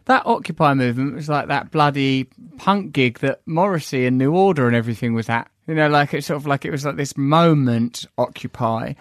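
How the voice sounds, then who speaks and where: A man's voice: medium pitch, brisk, few pauses, no echo, studio quality. A man interviewing, rambling and searching for words with many restarts in casual conversation.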